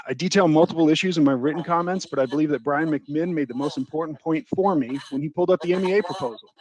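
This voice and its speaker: A man's voice: fairly high pitch, fast, darkish tone, poor audio. A man giving an assertive, critical public comment at a city council meeting from a prepared statement.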